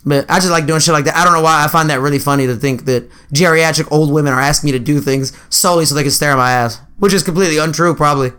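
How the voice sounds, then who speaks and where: Bright-voiced young man telling stories. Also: fairly high pitch, rapid-fire, few pauses, smooth. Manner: laughs often, animated storytelling with quoted voices. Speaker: podcast co-host. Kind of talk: casual storytelling chat.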